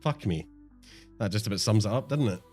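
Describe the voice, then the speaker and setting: A man's voice: lowish voice, expressive, brisk, darkish tone, faint music behind. A man streaming a game, chatting casually and self-mockingly to viewers, swearing often. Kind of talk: casual live-stream chat.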